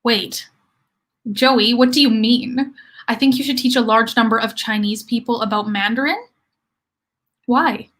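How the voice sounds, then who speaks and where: A woman's voice: fairly high pitch, fairly even intonation, unhurried, long pauses, fairly bright tone. Chatty young woman teaching a livestream. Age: young adult. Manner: chatty and rambling, many fillers like "like" and "um"; reads comments aloud and answers viewers. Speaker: livestream study host. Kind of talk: casual livestream lesson.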